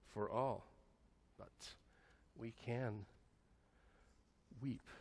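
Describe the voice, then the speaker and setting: A man preaches a sermon in a church sanctuary, his voice sitting in a middle pitch. He speaks slowly and softly, with long pauses, often sinking to a hush. The sound rings with the long reverb of the hall. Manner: slow, soft-spoken, with long pauses and dropping to a hushed voice. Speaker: pastor.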